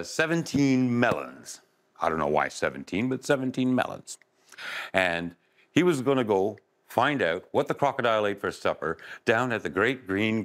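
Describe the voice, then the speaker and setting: Children's storyteller, man, playful and expressive, unhurried with a lively low voice. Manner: expressive, playful, chuckling asides.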